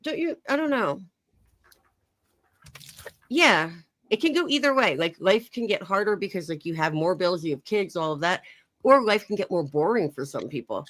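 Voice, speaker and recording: Woman, young adult, streamer, casual chat, low voice, very lively pitch, laughs often. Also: normal speed. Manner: chatty, laughs often, reads chat aloud.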